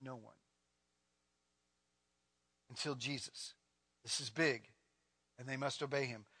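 A man preaching a sermon as pastor, impassioned, swinging from loud outbursts to low, quiet lines. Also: steady tone, takes it slowly, breathy edge, big-room sound.

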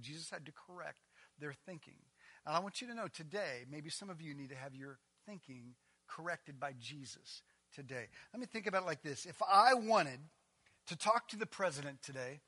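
A man preaching with a high, bright voice. He builds his points with rhetorical questions and then falls to a near hush, sometimes stumbling over repeated words as he drives on. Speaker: pastor. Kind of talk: sermon.

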